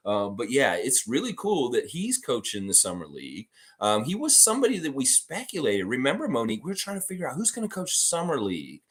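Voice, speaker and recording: Animated man hosting a sports livestream. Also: mid-range voice, a little fast, hardly any pauses. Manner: rambling, reads viewer comments aloud. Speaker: livestream host. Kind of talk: casual live-stream sports talk.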